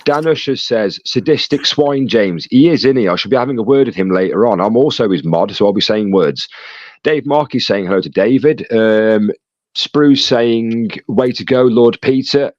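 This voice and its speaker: A man hosting a live stream, reading chat messages aloud with quick joking asides. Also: medium pitch, a little mellow, dry recording. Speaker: livestream host reading chat. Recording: dull lo-fi dry sound.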